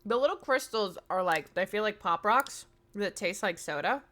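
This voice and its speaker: Bright-voiced chatty woman streamer. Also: mid-range voice, lively intonation, moderate pace. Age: 30s. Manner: chatty, rambling, many fillers. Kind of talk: casual live-stream chat.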